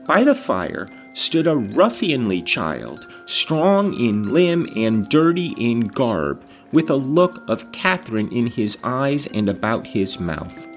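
A man reading a novel aloud, breaking off to explain passages and react with casual, sometimes profane comments. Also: medium pitch. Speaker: audiobook reader.

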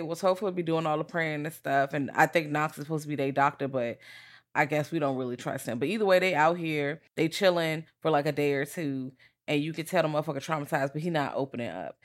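A podcast co-host retelling a film's plot in an animated, profane, casual way. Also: mid-range voice, fairly quick. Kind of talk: casual movie review chat.

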